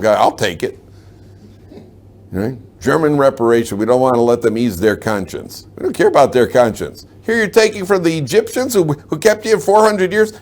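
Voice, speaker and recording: A man teaching a Torah class to live students, animated, asking rhetorical questions and telling jokes. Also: fairly high pitch.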